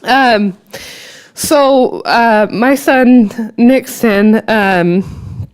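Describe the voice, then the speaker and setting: A woman speaking as a parent on a conference panel, emotional and near tears, telling her story haltingly with many pauses and restarts. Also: a little high, clean tone. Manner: halting, many fillers and restarts, self-deprecating.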